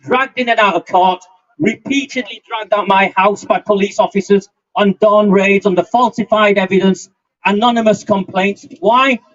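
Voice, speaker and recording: This outdoor rally speech comes from a man in his 50s, angry and defiant, recorded in muffled low fidelity. His voice is high and a little bright, with fairly even intonation and a moderate pace.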